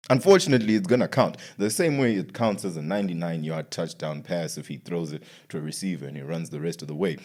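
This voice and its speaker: A man's voice: on the low side, darkish tone. A man hosting a casual sports podcast, ranting and repeating himself with slangy asides.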